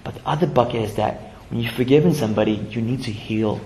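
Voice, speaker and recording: A man preaching a sermon as pastor, in a casual, conversational way that swings between hushed emphasis and lively bursts. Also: medium pitch, fast, reverberant, a little hiss or hum, rough recording. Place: church sanctuary.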